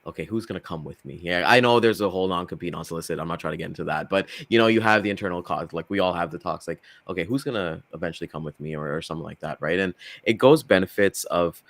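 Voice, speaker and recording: A man's voice: fast, few pauses, a bit bright, dry recording. A man co-hosting a casual morning talk show, speaking loosely with lots of fillers and acting out quotes. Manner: loose and chatty, full of fillers; acts out quotes with big jumps in pitch. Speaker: co-host.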